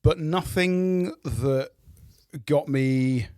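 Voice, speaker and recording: A British man speaking as a podcast guest, measured and dryly witty, with some hesitant fillers. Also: on the high side, dark tone, clear, resonant tone, no room sound, clean studio sound. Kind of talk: casual podcast chat.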